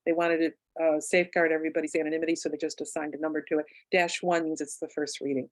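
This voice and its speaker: Low-voiced woman telling a case story. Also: flat delivery, fast, rough recording. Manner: conversational storyteller with fillers and asides. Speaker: author and past-life regressionist. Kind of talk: book club talk, telling a case story.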